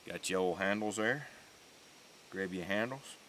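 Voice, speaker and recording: A man with a Southern US accent giving a casual, chatty outdoor gear demo in the woods, folksy and quick to laugh at himself. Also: deep voice, fairly bright tone, a little hiss or hum. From North Carolina, US South. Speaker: gear reviewer.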